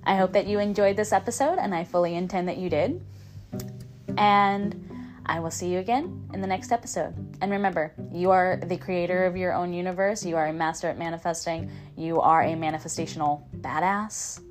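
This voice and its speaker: A woman's voice: lowish voice, brisk, faint music behind. A woman hosting a podcast, talking casually and upbeat in a coaching tone, often repeating and restarting her phrases. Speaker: podcast host. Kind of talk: casual motivational monologue.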